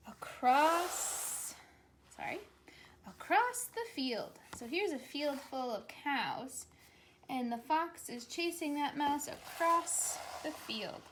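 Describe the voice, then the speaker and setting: Woman teacher, storybook reader for small children, coaxing and gentle, high and unhurried. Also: lively intonation, a little hiss or hum. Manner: gentle, coaxing, invites children to repeat animal sounds. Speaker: teacher reading a picture book. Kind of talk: slow storybook reading for young children.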